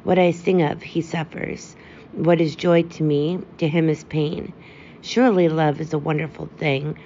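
A woman's voice: low voice, steady tone, measured pace, dark tone. A woman reading as a tender, devoted nightingale. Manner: earnest, lyrical storybook delivery. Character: devoted female nightingale, tender and self-sacrificing. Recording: dull lo-fi with faint hiss.

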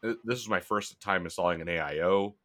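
Man, very low voice with a bright edge, loose profane chatter. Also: brisk. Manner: profane, rambling storyteller. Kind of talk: casual chat.

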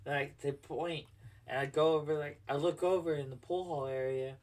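A man's voice: a little high, steady tone, moderate pace, a little mellow, far from the mic. A man co-hosting a casual podcast, telling a bar story in a rambling, profane way full of "like". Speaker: podcast co-host, bar bouncer.

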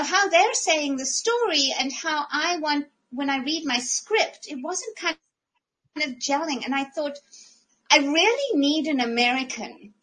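Bright, high-voiced woman. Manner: animated, laughing storyteller. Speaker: podcast guest. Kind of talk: casual storytelling chat.

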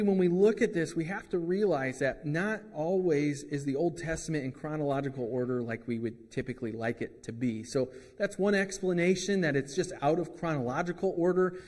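A man's voice: a little high, darkish tone, big-room sound. A man preaching a sermon as pastor, in a conversational way with joking asides.

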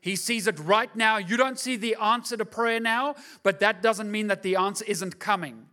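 A man's voice: high voice, moderate pace, pushed and bright. A male pastor preaching a sermon, telling the story casually with slangy, acted-out asides to his congregation.

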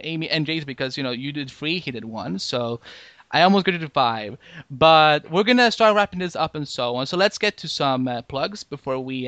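A man with a somewhat high voice hosts a casual podcast chat, meandering through his thoughts with lots of "like" and false starts. The sound is dry and close, with no room around it. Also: fairly bright tone, no room sound. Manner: rambling, with frequent "like" and restarts. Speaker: podcast host.

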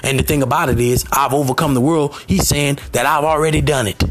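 A man giving a motivational sermon, repeating short phrases and rising to near shouts, with faint music underneath. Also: a little high, fairly even intonation, a little fast. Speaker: motivational speaker.

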